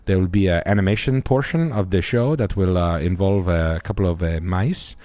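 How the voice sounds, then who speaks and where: A stammering Frenchman who cannot get a sentence out without an uh, as a man puts him on. He has a French accent and a lowish voice. The halting speech makes him a comedic bit on a podcast. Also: mellow, no echo, lightly acted. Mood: mock-solemn. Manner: hesitant, stuffed with uh fillers. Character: halting, crude Frenchman, middle-aged man.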